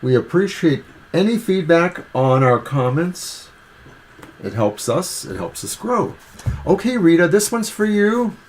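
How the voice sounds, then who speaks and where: A man co-hosting a live tarot stream, reading cards and joking about his coffee in a relaxed, rambling way. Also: high voice, unhurried, a little hiss or hum. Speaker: tarot reader co-host.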